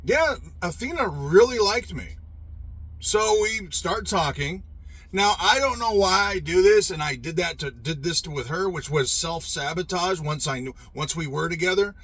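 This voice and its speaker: Husky, animated man telling a story. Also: high voice, normal speed, no echo. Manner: rambling, profane, emphatic, frequent restarts. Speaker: podcast host telling a personal story. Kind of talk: casual storytelling monologue.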